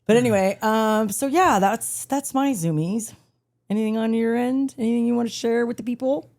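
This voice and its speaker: A woman co-hosting a podcast in casual chat with her partner, animated, laughing often and swearing casually. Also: a little high, moderate pace. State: sore back. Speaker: podcast co-host.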